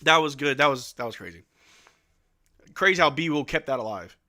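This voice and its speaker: A man hosting a casual live watch-along, calling plays excitedly at home and tossing in joking asides with lots of "bro.". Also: on the high side, fairly quick. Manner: excitable play-by-play mixed with joking asides, says "bro" often. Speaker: live stream host.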